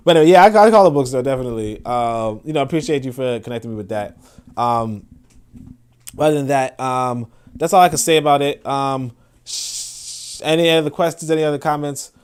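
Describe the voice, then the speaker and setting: A man's voice: mid-range voice, normal speed, smooth. Slangy rambling man hosting a livestream. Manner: rambling, slangy, many fillers and laughs. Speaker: host. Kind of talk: casual livestream chat.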